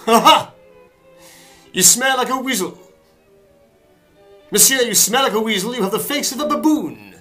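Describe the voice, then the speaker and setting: An actor playing a boisterous, insulting male musketeer with a loud theatrical voice. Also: sits high, sing-song, unhurried, long pauses, faint music behind, pitched above the performer's own voice, full character voice.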